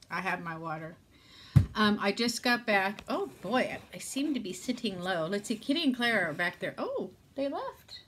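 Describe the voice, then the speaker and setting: A woman's voice: fairly high pitch, sharp tone. An older woman from Southern California, chatting to camera in a rambling, self-mocking way, seated at home. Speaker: vlogger. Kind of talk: casual chat to camera. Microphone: phone or camera.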